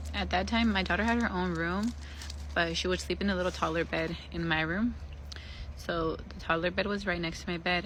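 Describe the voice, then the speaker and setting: A woman in a casual storytime vlog, candidly and profanely retelling an eerie experience in an animated way. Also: fairly low pitch, a little hiss or hum, poor audio.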